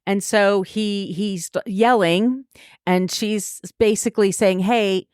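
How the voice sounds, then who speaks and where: A woman's voice: medium pitch, fairly even intonation, slow, clean tone, no echo, clean studio sound. Chatty woman retelling a picture book. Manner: chatty, laughs often, retells the story warmly. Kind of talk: casual book discussion.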